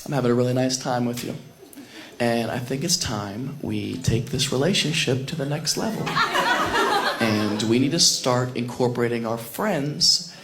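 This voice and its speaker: A man's voice: mid-range voice, moderate pace, voice pushed down, natural voice. A man voicing an earnest young woman, his girlfriend, who talks in an earnest, then scoffing and indignant way, recorded live on a stage with room noise.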